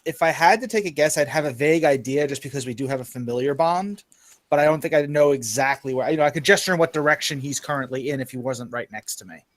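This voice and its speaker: A man's voice: medium pitch, quick pace, no echo. A man playing his character in a tabletop game, matter-of-fact. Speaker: player.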